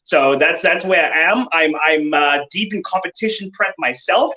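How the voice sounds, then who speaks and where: A fitness coach on a panel describes his coaching approach in a voice on the high side, at a moderate pace and with a sharp tone. He speaks confidently and emphatically, repeating words as he restarts often. The recording quality is low.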